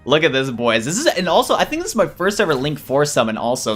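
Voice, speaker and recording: A young man giving excited, rambling let's play commentary while he plays. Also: fairly high pitch, fast talker, breathy edge, faint music behind. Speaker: gaming YouTuber.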